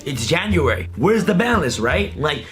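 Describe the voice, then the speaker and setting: A man's voice: a little high, big pitch swings, normal speed, fairly bright tone. A man in a video clip, speaking casual commentary in an exasperated, questioning way. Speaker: YouTuber in a played clip. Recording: video clip with music bed. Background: clear music.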